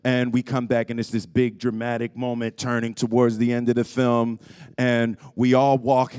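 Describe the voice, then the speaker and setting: Smooth-voiced man in his fifties, storytelling. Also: mid-range voice, normal speed. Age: 50s. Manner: reflective, then animated storytelling. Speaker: lead actor at a press conference. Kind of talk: press conference answers.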